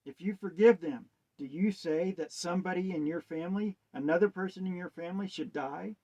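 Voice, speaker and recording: A man's voice: sits high, fairly quick, dark tone. A man giving a rambling, hesitant monologue on wordplay and scripture, asking musing rhetorical questions. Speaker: self-styled preacher. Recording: dull lo-fi sound.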